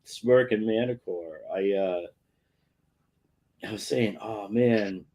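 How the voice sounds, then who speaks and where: A man's voice: on the low side, takes it slowly, darkish tone. A man with a Boston accent co-hosting a casual chat show, jokingly reading viewer comments aloud. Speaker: podcast co-host reading chat.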